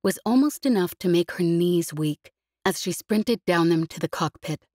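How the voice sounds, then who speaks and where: Low, expressive woman narrator for a sci-fi-style audiobook, dry close studio sound. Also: no echo. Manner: expressive, vivid storytelling.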